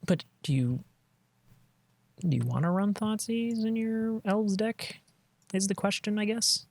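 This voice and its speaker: A man's voice: sits high, a little slow, creaky, no echo. Man thinking aloud over a card game. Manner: thinking aloud, trailing off and restarting. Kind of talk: casual gameplay commentary.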